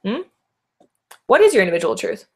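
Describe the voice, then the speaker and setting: A woman's voice: medium pitch, wildly swooping pitch, a little fast. A middle-aged woman life coach, talking alone to a camera in an encouraging way and often asking her listeners rhetorical questions. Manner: encouraging, asks many rhetorical questions with tag "right?".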